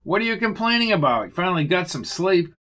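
A man's voice: high voice, sing-song, quick pace, fairly bright tone, voice pushed up. A man reading the lines of a grumpy, sarcastic male detective in a clipped manner. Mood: gruff sardonic.

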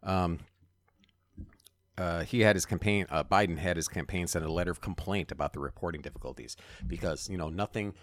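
A man co-hosting a casual political talk show, sarcastic and quick to mimic the people he talks about. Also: low-pitched, no room sound. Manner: sarcastic, reads news aloud, mimics politicians. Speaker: podcast co-host.

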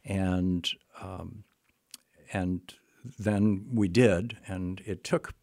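An older man with a low voice recounts a case from his practice, starting over mid-sentence and filling pauses. The recording is dry and close, with no room sound. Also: steady tone, gravelly, darkish tone, no echo. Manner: halting, with frequent restarts and fillers. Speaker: therapist. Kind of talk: conversational storytelling.

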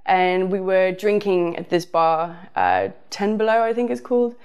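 A woman's voice: mid-range voice, animated, moderate pace, darkish tone, smooth. A woman with a southern English accent telling a casual personal story, rambling with frequent fillers. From southern England.

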